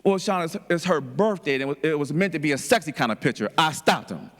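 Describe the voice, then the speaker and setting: A man's voice: fairly high pitch, lively intonation, fast, fairly bright tone, long reverb tail. A man doing an embarrassed young employee. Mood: sheepish. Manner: hesitant, sheepish.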